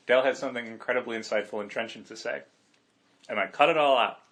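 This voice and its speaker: A man's voice: medium pitch, a little fast, fairly bright tone. A man co-hosting a podcast in casual chat, wry and joking, sometimes talking with his mouth full. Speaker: podcast co-host.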